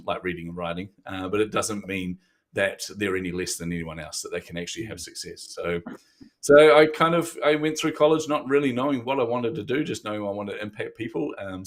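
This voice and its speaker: A fifty-something man from New to match. He tells his own story as a podcast guest, candid and self-deprecating, often laughing at himself. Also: fairly low pitch. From New Zealand. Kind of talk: interview storytelling.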